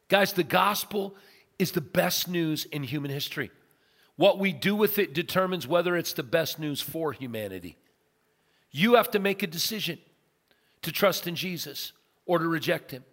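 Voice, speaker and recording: A man's voice: on the high side, expressive, normal speed. Preaching man in a reverberant hall. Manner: dramatic storytelling with big swings from loud to soft. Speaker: pastor. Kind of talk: sermon. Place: church sanctuary.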